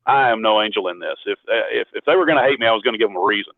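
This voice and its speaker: A man's voice: on the low side, very fast, vocal fry, no echo. A man, telling a rambling, self-deprecating story as an interview guest over a phone call. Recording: tinny phone line.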